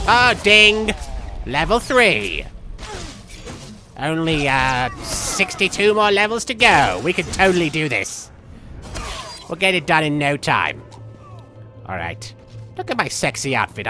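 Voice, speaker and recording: Dude doing a silly manic villain, voice swoops up and down all over, sniffly from a cold, faint music under it. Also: male voice, a little high, sharp tone, full character voice. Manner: rambling, giddy, jumps between jokes. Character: manic goofy male villain, childish and gleeful. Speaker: livestream gamer. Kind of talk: live game-stream commentary in character.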